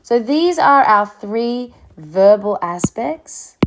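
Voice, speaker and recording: A woman teaching a recorded lesson, explaining slowly, with fillers and restarts. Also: on the high side, lively intonation, heavy background noise. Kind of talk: recorded lecture.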